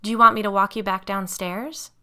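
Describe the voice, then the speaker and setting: A woman's voice: medium pitch, steady tone, fairly quick, bright, forceful tone, clear, resonant tone, lightly acted. A woman reading an audiobook, voicing a mother who speaks soothingly and with concern. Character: worried, gentle mother woken at night.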